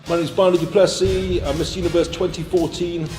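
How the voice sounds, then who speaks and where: A man's voice: a little high, steady tone, a little fast. A man, a pro bodybuilder, introducing himself to camera in an upbeat, enthusiastic way. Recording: echoey hall with loud music.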